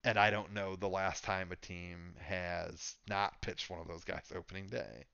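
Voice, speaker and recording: A man's voice: deep voice, steady tone, unhurried, creaky, pushed and bright, smooth, dry recording, lo-fi sound. A man co-hosting a podcast, chatting casually and thinking aloud with lots of fillers. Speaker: podcast co-host. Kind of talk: casual sports chat.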